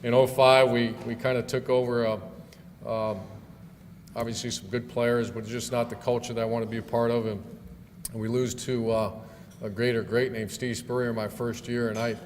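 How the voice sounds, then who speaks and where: A man's voice: medium pitch, little pitch movement, normal speed. A middle-aged man, a football coach, telling stories in a speech at a club event, folksy with fillers and restarts. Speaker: guest speaker, football coach. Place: banquet hall. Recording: long hall reverb, faint room noise.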